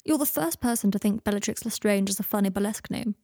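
A woman's voice: mid-range voice, fast, dark tone, dry recording, studio quality, close to an everyday voice. A woman reading an audiobook and voicing a bitter, sardonic young man who talks in a cold, mocking drawl. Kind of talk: audiobook reading of fan fiction.

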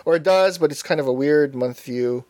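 A man with a slightly high voice chats casually about apps and software, drifting through asides as he goes. His delivery is easygoing and rambling. The sound is dry and close, with no room echo. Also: moderate pace. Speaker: podcast co-host. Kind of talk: casual tech chat.

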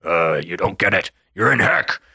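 A man's voice: deep voice, expressive, normal speed, vocal fry, bright, forceful tone, slightly rough, no room sound, studio quality, heavily acted. A man doing a pompous cartoon devil. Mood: grandiose. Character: pompous male devil ruling a cartoon hell.

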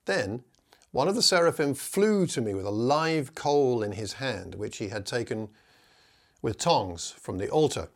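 Earnest guy teaching a preaching class, mid-pitched voice, reads bible verses slow and careful. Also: expressive, gravelly. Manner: measured, slows down to read scripture aloud; earnest and encouraging. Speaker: preaching instructor. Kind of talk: teaching talk with scripture reading.

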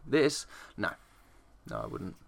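A man's voice: sits low, wildly swooping pitch, slow, creaky, a crowd in the background. A man co-hosting a casual podcast, joking, swearing and laughing often. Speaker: podcast co-host. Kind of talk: casual chat.

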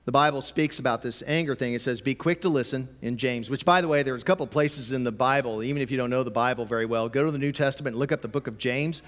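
A man's voice: fast, few pauses. Man preaching in a reverberant hall. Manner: conversational, emphatic preaching with sudden drops to a quiet, low voice. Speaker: pastor. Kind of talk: sermon.

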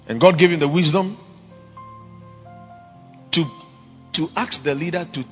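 A man preaches in a lively, emphatic style, his voice bright and fairly high for a man. His delivery swings between loud exhortation and quiet asides. The sound carries a long church-hall reverb with faint music underneath. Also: moderate pace, pauses often. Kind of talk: sermon.

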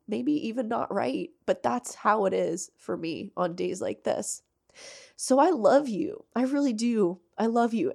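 A woman hosting her own faith podcast, speaking earnestly and through tears, often halting and restarting her sentences. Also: medium pitch, creaky, darkish tone. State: tearful. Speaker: podcast host. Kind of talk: emotional faith podcast monologue.

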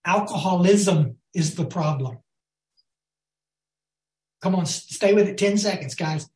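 Speaking slowly in a high, slightly mellow voice, a recovery speaker tells homespun stories to a group he addresses as "y'all." He keeps asking if they're following him, and the room echoes noticeably.

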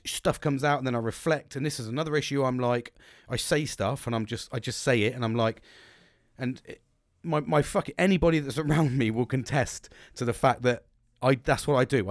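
A man's voice: a little high, dry recording, clean studio sound. A British man vlogging an unscripted personal monologue, talking bluntly with frequent swearing and many false starts. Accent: British English. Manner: blunt, swearing, restarts sentences often; self-described bolshy and gobby, talks with no filter.

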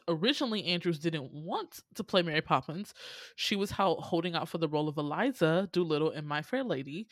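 A woman's voice: on the low side, a bit bright, dry recording. A young woman hosting a casual chat, reading out film trivia with sassy asides and frequent ums. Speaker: podcast host.

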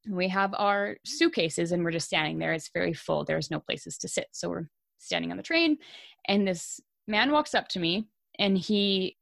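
A young Canadian woman co-hosting a podcast, telling a story in a casual, animated way and laughing often. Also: lowish voice, moderate pace, creaky, no room sound, studio quality. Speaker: podcast co-host.

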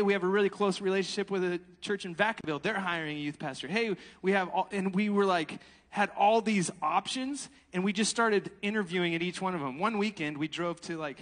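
A man's voice: high voice, a bit bright. A man in his thirties preaching a sermon, telling a story and joking at himself with frequent laughs. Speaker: pastor. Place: church hall. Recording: long hall reverb.

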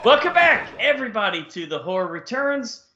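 A man hosting a casual podcast chat in a jokey, animated way. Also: sits high, a little fast, background noise. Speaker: podcast host. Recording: roomy, lo-fi call audio.

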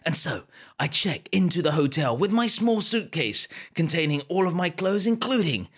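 A man's voice: fairly high pitch, big pitch swings, moderate pace, a bit bright. A man hosting a podcast, improvising a comic story as a mock-serious documentary narrator, with frequent stumbles. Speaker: podcast host.

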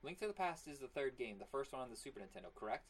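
A man's voice: mid-range voice, sing-song, very fast. A man co-hosting a casual podcast, rambling and joking, his voice strained and partly worn out. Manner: rambling and jokey, prone to silly voices. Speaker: podcast co-host. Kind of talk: casual chat.

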